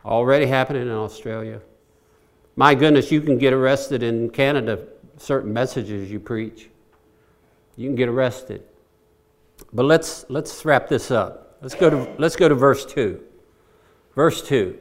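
A man's voice: medium pitch, a little slow, long pauses. A man preaching a sermon, who repeats his key phrases and puts questions to the congregation. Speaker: pastor.

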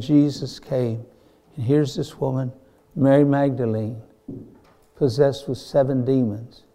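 Male preacher, very dark mellow voice, fervent sermon delivery with emphatic peaks. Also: medium pitch. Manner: fervent, repeats "my friend", rises to emphatic peaks.

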